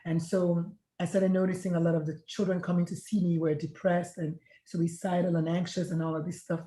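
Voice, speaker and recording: This woman's voice sits fairly low, with little pitch movement, a mellow quality, and a slightly fast delivery. Middle-aged and a former pediatrician now working as a life coach, she reflectively and earnestly shares her story in an interview, performing past exchanges as dialogue. The sound is echoey.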